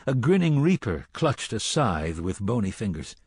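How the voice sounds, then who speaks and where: A man narrating a dark fantasy audiobook in a slow, dramatic reading. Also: on the low side, very animated, slightly rough, no echo, studio quality. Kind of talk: scripted narration.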